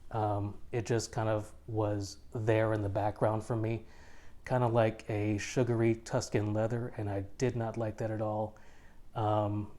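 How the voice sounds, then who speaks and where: A man's voice: on the low side, little pitch movement, unhurried, warm tone. A man reviewing fragrances in a casual video, blunt and emphatic, repeating his points for effect.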